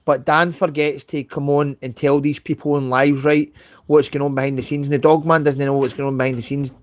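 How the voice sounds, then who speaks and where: A man's voice: on the high side, level tone, brisk. A man with a Scottish accent, talking heatedly and swearing a lot on a live call, tagging lines with "mate" and "know what I mean". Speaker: live stream guest. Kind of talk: casual chat on a live call.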